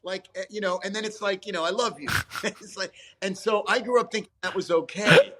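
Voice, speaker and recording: A man, chatting as a guest over a video call, animated and swearing freely with frequent laughs. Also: high-pitched, a little fast. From New York, USA. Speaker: actor guest. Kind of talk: casual interview chat.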